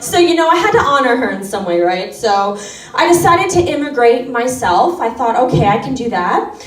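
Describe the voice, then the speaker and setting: A woman's voice: high-pitched, very animated, moderate pace. A woman performing a self-mocking stand-up set on a comedy club stage, with wry asides. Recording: roomy club sound from a distance.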